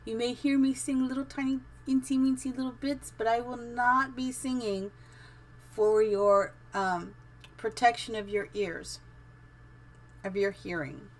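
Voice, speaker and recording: A woman's voice: fairly high pitch, fairly even intonation, measured pace. A middle-aged woman casually commenting on her live-streamed building game, chatty and giggly, thinking aloud as she goes.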